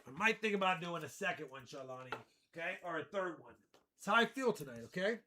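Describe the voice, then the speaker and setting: A man hosting a live coin auction stream, joking around and shouting out countdowns and winners. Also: sits high, animated, fast, slight background noise. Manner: jokey, loud countdowns and shouted calls. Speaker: livestream coin auction host. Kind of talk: energetic live auction patter.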